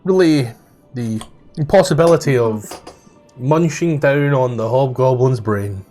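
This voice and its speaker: A man's voice: medium pitch, unhurried, mellow, faint music behind. A man narrating as game master of an online tabletop game in a laid-back, casual way.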